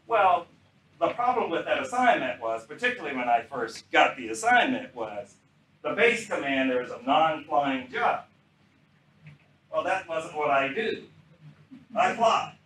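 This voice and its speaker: An older man from South Carolina, a retired general telling stories from his career in a lively, anecdotal talk. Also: fairly high pitch, a little slow, pauses often, distant mic, a little hiss or hum. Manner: animated storyteller acting out quoted dialogue. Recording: echoey room, speaker off mic.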